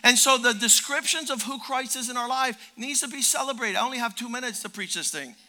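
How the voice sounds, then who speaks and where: An older man preaching a sermon as pastor, fervent and emphatic, repeating words and rising to shouted peaks. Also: extremely high pitch, brisk.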